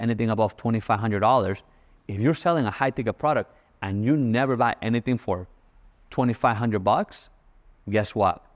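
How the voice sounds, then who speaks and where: Casual man coaching sales. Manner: casual, punchy, acts out sample pitches. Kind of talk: motivational sales talk.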